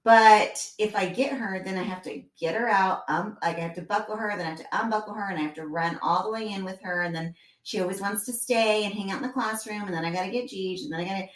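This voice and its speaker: A woman's voice: medium pitch, quick pace, roomy sound, distant mic. A woman co-hosting a podcast, chatting casually and acting out scenes from family life as she tells stories. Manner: animated storyteller, acts out family scenes. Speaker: podcast co-host. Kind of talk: casual chat.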